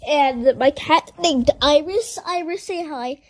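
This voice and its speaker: Young girl vlogging w her cat, high voice, rambly and playful, keeps restarting sentences. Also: takes it slowly, rough recording. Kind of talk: casual vlog chatter.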